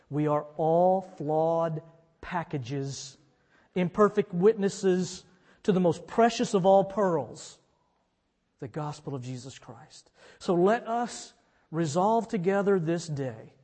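A pastor delivers a sermon in a high voice at a slow, deliberate pace. He swings between emphatic lines and hushed ones. His words echo through a large hall with a long reverb.

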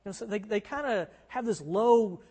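A man's voice: high voice, moderate pace, a little mellow, slightly rough. A man preaching as a pastor, earnest and conversational, driving points home with emphatic repetition. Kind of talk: sermon. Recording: long hall reverb.

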